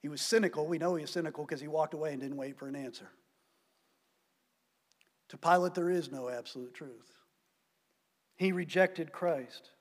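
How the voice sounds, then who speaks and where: Man, pastor, sermon, high voice, long hall reverb. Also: normal speed, pauses often. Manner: emphatic preaching, swinging between loud stresses and quiet drops.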